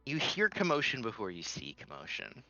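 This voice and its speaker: A man narrating a tabletop role-playing game as game master, lively and laughing often, with dull lo-fi audio. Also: medium pitch, moderate pace, dry recording, faint music behind.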